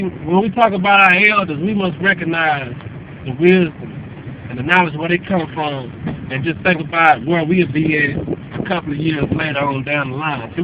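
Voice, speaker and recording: Man, high voice, halting preachy talk, muffled phone audio, faint street noise. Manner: halting, repeats words, preachy. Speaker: vlogger. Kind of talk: casual spiritual encouragement.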